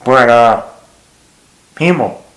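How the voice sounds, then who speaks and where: A man's voice: lively intonation, extremely slow, fairly bright tone. Exasperated swearing male movie reviewer. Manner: blunt, exasperated, swears freely, quotes lines in a higher voice. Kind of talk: casual spoken film review. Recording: echoey room.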